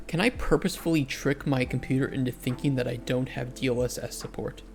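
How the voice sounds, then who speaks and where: A man's voice: mid-range voice, a little fast, vocal fry, darkish tone. A man, an indie game developer, talks casually to chat while he codes on a livestream. He answers questions as they come and often restarts his sentences. Faint music runs in the background.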